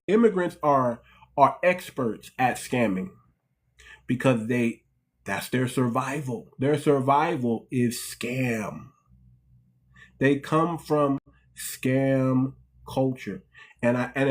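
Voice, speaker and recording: A middle-aged American man hosting a casual livestream, talking animatedly to his audience, repeating himself and calling them family. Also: fairly high pitch. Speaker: host.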